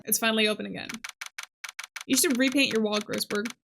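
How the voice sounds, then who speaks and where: A woman's voice: fairly high pitch, fairly even intonation, brisk, gravelly. Woman making wry let's-play asides. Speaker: gaming YouTuber. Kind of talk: let's-play commentary and dialogue reading. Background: game music.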